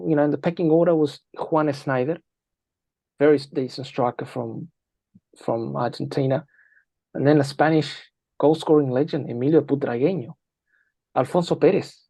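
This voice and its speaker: A man on an interview, a football analyst, telling lively anecdotes and acting out quoted lines. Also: fairly high pitch, normal speed, creaky, no echo. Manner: energetic, tells anecdotes with quoted dialogue. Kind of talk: animated storytelling interview.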